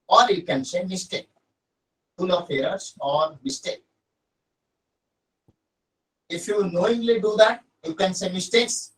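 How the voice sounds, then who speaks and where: A man's voice: high-pitched, fairly bright tone, recorded from a distance, low-quality recording. A man with an Odia Indian accent teaching an English lesson, stressing and repeating his key points to students. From Odisha, India. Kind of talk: classroom lesson.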